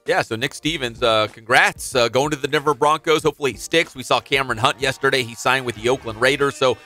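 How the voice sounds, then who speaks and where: A man hosting a sports radio show, chatting in an animated, jokey way from the studio. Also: mid-range voice, quick pace, no echo, faint music behind. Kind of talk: casual sports radio chat.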